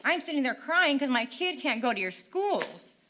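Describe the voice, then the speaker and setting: Bright-voiced frustrated woman pleading. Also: sits high, sing-song, moderate pace. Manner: frustrated, pleading, rhetorical questions. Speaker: parent speaking at public comment. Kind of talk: impassioned public comment. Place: town council meeting chamber.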